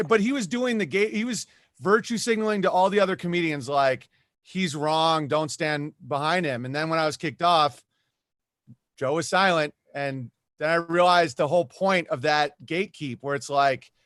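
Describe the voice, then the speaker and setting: A man's voice: high-pitched, moderate pace, a bit bright, dry recording, clean studio sound. A man who is a comedian, talking as a podcast guest and ranting in a rambling way with lots of asides. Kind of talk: animated podcast conversation.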